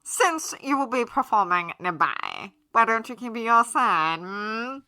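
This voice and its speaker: A woman voicing a sardonic, theatrical male demon in a fan-made audio story, speaking loudly in a posh, mocking manner. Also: fairly high pitch, sing-song, a little slow, no room sound, voice pushed up, exaggerated voice.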